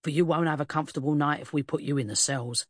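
A reader voicing a stern police inspector who speaks in a cold, threatening way. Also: male voice, on the high side, quick pace, no echo, clean studio sound, natural voice. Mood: angry. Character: stern, angry police inspector, adult man.

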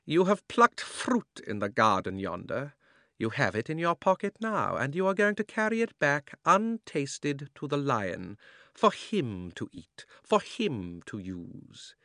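A man's voice: mid-range voice, very animated, unhurried, pushed and bright, no echo, studio quality, voice pushed up, full character voice. A man reading an audiobook, voicing a cold, cunning sorceress who coaxes and scorns, her voice sometimes sinking to a whisper. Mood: scheming. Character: cold tempting sorceress queen, fierce and cunning.

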